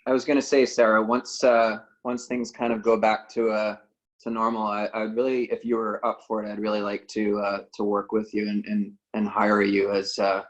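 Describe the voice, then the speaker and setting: A hesitant man on a video call, stumbling over his words with lots of pauses. His voice is fairly low, and the call audio comes through dull and lo-fi. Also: flat delivery. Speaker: actor on a panel.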